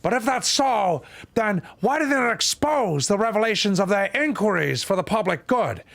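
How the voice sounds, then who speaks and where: A ranting, gravelly tough guy, put on by a man. He barks out fantasy lore with a slow, punchy delivery that swings up into shouting. The voice is raspy and fried at the edges. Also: high voice, very animated, voice pushed up, heavily acted. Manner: slow, barking reading of a lore book.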